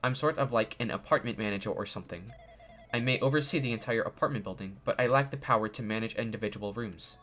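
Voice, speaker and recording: A man voicing a calm artificial intelligence program with a polite, explanatory, robot-like manner while reading game dialogue aloud. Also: fairly low pitch, fast, soft background music, close to an everyday voice.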